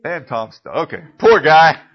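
A man teaching a casual Bible class in a church classroom. He clears his throat often and corrects himself as he goes. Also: fairly high pitch, sing-song, normal speed. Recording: dull lo-fi recording.

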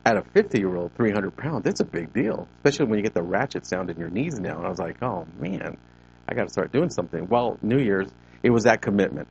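A man in his fifties with a lowish voice tells a group in a gym a personal testimony. He chats easily and slips into the voices of people he quotes. The recording sounds dull and lo-fi. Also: big pitch swings, a little fast, vocal fry, a little mellow, a little hiss or hum. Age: 50s. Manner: conversational storytelling, acting out quoted exchanges. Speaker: ministry leader giving a talk. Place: CrossFit gym.

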